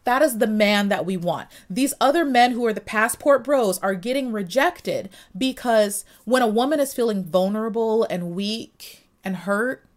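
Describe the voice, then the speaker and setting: A young adult woman hosting a podcast livestream, speaking in a chatty, emphatic monologue and acting out little scenes with sudden louder bursts. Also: medium pitch, normal speed, hardly any pauses. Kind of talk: casual opinion monologue.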